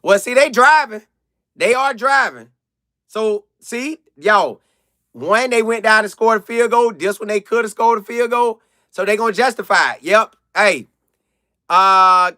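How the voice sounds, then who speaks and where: A high, bright-voiced man talks straight into a dry, close mic on a casual live stream. His delivery is loose and slangy, with a flavor, as he reads viewer comments and riffs on the game. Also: no echo. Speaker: live-stream sports commentator reading chat.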